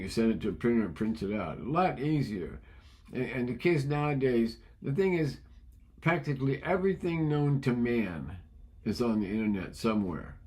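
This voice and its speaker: A man's voice: mid-range voice, a little mellow. Ranting older man. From United States. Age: 70s. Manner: indignant, ranting, repeats himself. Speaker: vlogger. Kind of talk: opinionated monologue.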